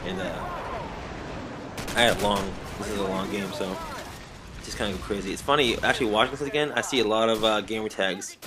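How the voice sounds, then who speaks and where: A young man with a Boston accent and a slightly hoarse voice, rambling casually with plenty of swearing as he commentates a game. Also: on the low side, fairly quick, long pauses, noisy background. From Medford, near Boston, USA. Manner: rambling, self-correcting, swears freely. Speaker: gameplay commentator. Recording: gunfire from game audio behind.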